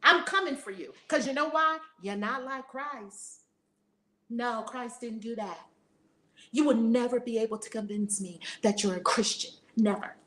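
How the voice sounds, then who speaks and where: A woman's voice: on the high side, unhurried, sharp tone, reverberant. A woman teaching as a spiritual reverend in a fiery, preaching manner, blunt and emphatic, swearing and repeating lines for effect.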